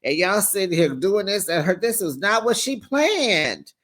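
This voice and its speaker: Man, recap host, sassy, animated, gossipy storytelling, acts out quotes. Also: sits high, unhurried. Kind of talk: casual gossip recap commentary.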